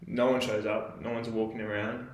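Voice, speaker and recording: Telling a camping story as a podcast co-host, a young Australian man speaks at a normal pace in a fairly low, level voice. He's relaxed and rambling, leaning heavily on "like," and the room gives an echo.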